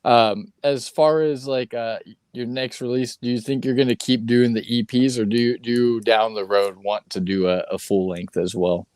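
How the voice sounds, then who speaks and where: A man's voice: mid-range voice, fairly even intonation, moderate pace, darkish tone, no room sound. A young man from California hosts a casual interview, friendly and keen as he asks his questions. His voice sits mid-range and the sound is dry and close. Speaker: podcast host.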